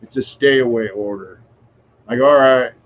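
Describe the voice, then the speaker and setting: This man, about sixty, is a podcast guest with a mid-range voice and moderate pace who tells long, casual, rambling stories, frank and full of fillers with an odd swear word. The recording is muffled, with a little background noise.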